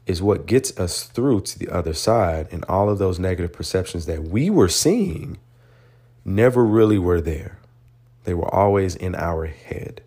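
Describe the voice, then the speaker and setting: A man with a very low, deep voice tells a personal story on his podcast. He speaks in an animated, earnest way and turns the story into a motivational lesson. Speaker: podcast host. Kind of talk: storytelling monologue.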